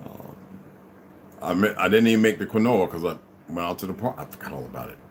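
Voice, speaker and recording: A man's voice: low voice, lively intonation, fast talker, a little hiss or hum. A tired man chatting casually and profanely on a livestream, greeting viewers as they arrive. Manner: laid-back, profane, rambling, greets viewers as "beloved". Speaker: livestream host.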